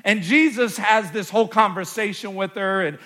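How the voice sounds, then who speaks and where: A male pastor preaches with a fairly high voice, cracking jokes and talking to the congregation like a friend. He retells the story in loose, everyday slang. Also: moderate pace, bright, forceful tone. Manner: humorous, conversational, retells scripture in slang. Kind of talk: sermon.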